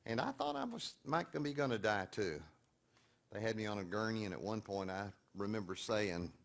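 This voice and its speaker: A man giving a sermon-style teaching to an audience, telling stories and moving between quiet, hushed passages and loud, emphatic points. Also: fairly low pitch, vocal fry. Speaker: speaker teaching a session.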